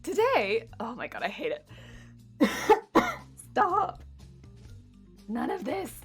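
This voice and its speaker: A woman craft streamer chatting casually on a live stream while hoarse, her wheezy voice cracking as she talks. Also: high voice, sing-song, takes it slowly, soft background music.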